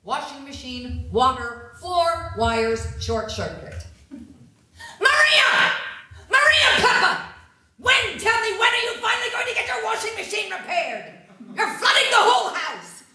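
A woman's voice: medium pitch, expressive, moderate pace, a bit bright, natural voice. An actress playing a woman of the family, speaking in a rhythmic, dramatic way with sudden outbursts, recorded far away in a very echoey theater. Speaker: actor in a staged play reading. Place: theater stage. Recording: very echoey hall, mic far off.

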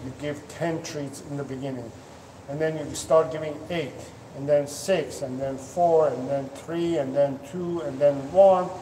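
Unhurried man coaching in an echoey room. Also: a little high, dark tone. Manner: earnest, coaching, with many restarts and fillers. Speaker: dog trainer. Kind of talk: instructional talk to camera. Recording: echoey room, distant mic, faint noise.

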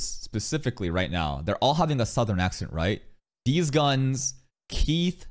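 A man streaming a casual video reaction, rambling, laughing and swearing often. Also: medium pitch.

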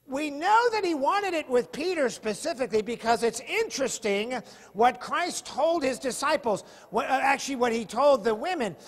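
A man's voice: very high-pitched, expressive, normal speed. A male pastor preaching an impassioned sermon full of rhetorical questions in a church sanctuary. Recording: long reverb of a church hall.

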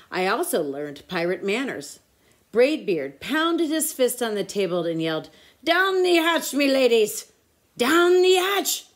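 A woman tutor reading a children's picture book aloud with expressive storytelling. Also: mid-range voice.

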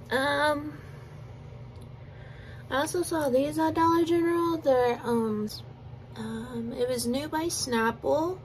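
A young woman talks slowly to her phone camera between bites, her voice sitting a bit high. She rambles, giggles and chews through a casual eating vlog, with a faint hiss of room noise behind her. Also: poor audio. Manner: chatty, giggly, talks while chewing with mouth full. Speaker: mukbang vlogger.

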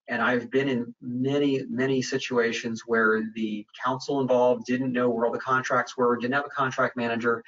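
A man hosts a webinar question-and-answer session, his delivery loose and conversational, full of fillers and self-corrections. His voice sits in an ordinary middle pitch. The audio is muffled and comes from a little way off the mic. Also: fairly bright tone, distant mic. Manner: conversational, many fillers and restarts. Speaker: webinar presenter on data privacy. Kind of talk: webinar Q&A talk.

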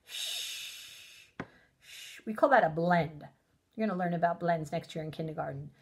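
A woman teaching a recorded phonics lesson to young children, sounding out letters slowly and praising them warmly. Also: fairly low pitch. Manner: encouraging, sing-song, sounds out letters slowly. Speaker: preschool teacher.

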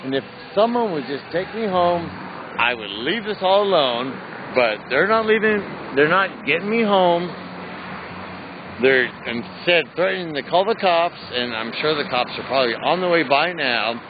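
A man's voice: a little high, animated, normal speed. A tipsy man ranting angrily and profanely in a live phone stream outside a club at night. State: tipsy after a few drinks. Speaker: livestreamer. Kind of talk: angry live-stream rant. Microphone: phone held in hand. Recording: muffled phone audio with street noise.

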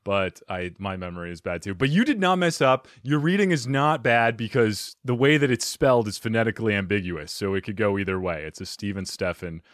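A man's voice: lowish voice, animated, fairly quick, hardly any pauses, dry recording, clean studio sound. A man hosting a podcast interview, chatty and self-deprecating, joking with his guest. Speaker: podcast host. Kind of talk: casual interview chat.

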